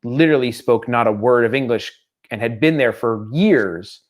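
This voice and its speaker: A middle-aged man chatting on a podcast with an average-pitched voice. He tells stories at length and wanders into tangents. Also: moderate pace. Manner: animated storyteller, slips into mock accents. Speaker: podcast co-host. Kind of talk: casual chat.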